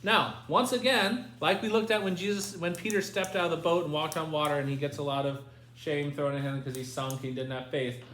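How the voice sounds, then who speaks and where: A man's voice: on the high side, steady tone, a little fast, a bit bright. A man leading a Bible study lesson, asking his group questions and reading scripture aloud. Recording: echoey room with faint noise.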